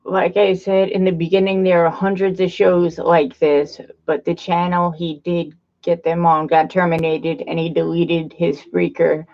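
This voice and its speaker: A woman's voice: on the low side, flat delivery, a little slow, hardly any pauses. Sarcastic woman commentator, slightly muffled. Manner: sarcastic, incredulous. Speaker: commentary channel host. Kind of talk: mocking commentary.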